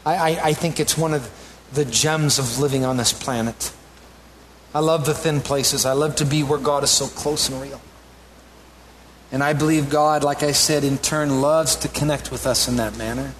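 A man preaching a sermon as a pastor, animated and rising to emphatic peaks, with conversational asides to the congregation. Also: mid-range voice, moderate pace, slight background noise.

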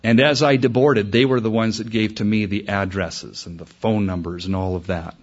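A man preaching a sermon, telling a story in a lively way and climbing higher in pitch when he stresses a point. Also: moderate pace, dull audio. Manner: animated, rising in pitch when emphatic. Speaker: pastor.

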